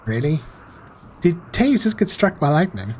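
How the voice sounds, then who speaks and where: A man's voice: fairly high pitch, sing-song, moderate pace, a little mellow, a little hiss or hum. A young man casually commenting on a game he plays and chatting with viewers, easygoing and self-mocking. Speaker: gaming streamer. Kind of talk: casual Let's Play commentary reading chat. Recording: faint music behind voice.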